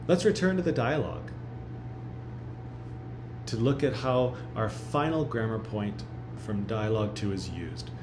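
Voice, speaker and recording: Lively-voiced man teaching in a roomy echo. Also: medium pitch, background noise. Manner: models phrases slowly and repeats them. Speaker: language teacher. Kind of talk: recorded pre-class lesson.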